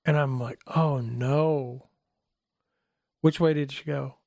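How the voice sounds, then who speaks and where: A middle-aged man telling a personal faith story in a casual talk, animated and acting out the voices of the people in it. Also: slow pace, vocal fry, no echo, clean studio sound. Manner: animated, acts out quoted voices in a higher pitch. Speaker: guest telling his testimony.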